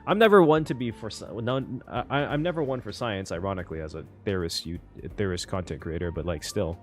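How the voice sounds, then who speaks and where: A man reacting to a game story, reading lines aloud and thinking out loud with many restarts. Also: low-pitched, fairly quick, faint music behind. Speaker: reaction content creator.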